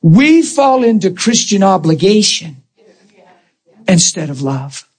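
A man with a husky, breathy voice pitched well above most men. He is a Christian minister telling stories in an emphatic, animated chat, his pitch swinging widely and laughter breaking into his words. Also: takes it slowly.

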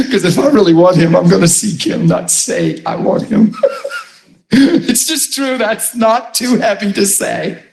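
A man's voice: a little high, darkish tone, a little hiss or hum. A man preaching in a conversational sermon, earnest and rambling, laughing often as he tells stories. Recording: echoey room.

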